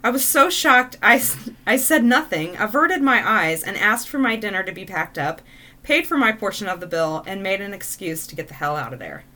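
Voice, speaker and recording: A woman's voice: medium pitch, normal speed. A woman co-host reading dating stories aloud and reacting with laughter. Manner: expressive, laughs often.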